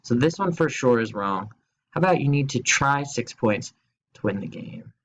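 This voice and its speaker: In a rough recording with slight hiss or hum, a medium-pitched, animated man runs a recorded remote grammar lesson from his computer. He explains things slowly, spells out words, and adds playful quiz questions and jokes.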